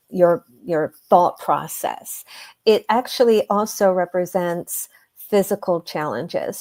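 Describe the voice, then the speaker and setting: A woman with a mellow, warm voice talks through a client story in an unhurried way. She is earnest and emphatic, and she leans into key phrases as a healer explaining her work. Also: lowish voice. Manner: earnest, emphatic, slows down to stress points. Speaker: guest, energy healer. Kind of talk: conversational storytelling.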